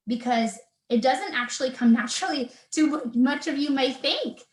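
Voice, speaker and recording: A woman's voice: high-pitched, lively intonation, fairly quick, roomy sound, poor audio. A woman in her thirties, a personal trainer talking as a guest in an earnest, faith-filled way, with plenty of fillers and restarts. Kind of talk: casual video interview chat.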